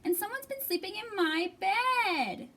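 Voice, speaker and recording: A squeaky little bear cub, put on by a woman reading aloud, whining and grumbling in a high, bouncing voice. His pitch sits far above the reader's own and leaps about lively from word to word. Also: a little slow, exaggerated voice. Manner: squeaky, complaining.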